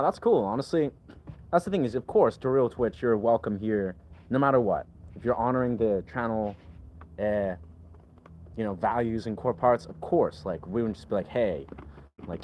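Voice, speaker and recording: A man's voice: on the low side, slight background noise. A man chatting casually on a livestream, rambling, full of filler words, and replying to his chat. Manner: rambling, leans heavily on filler "like".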